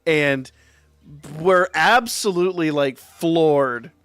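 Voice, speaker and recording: A man streaming live, telling a rambling, profane story in a casual, animated way. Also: fairly high pitch, takes it slowly, clean tone, faint music behind.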